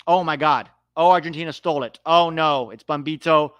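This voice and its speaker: A man hosts a live match watch-along, running through the play and breaking into excited outbursts. His voice is smooth and clear, pitched a little high. The recording is dry and close-miked. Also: a little fast, no echo, highs cut off. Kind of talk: live match reaction commentary.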